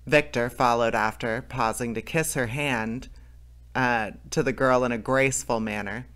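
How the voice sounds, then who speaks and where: A man's voice: medium pitch, a bit bright. A man reading a fairy tale aloud as host of his story channel, friendly, with small slips he corrects.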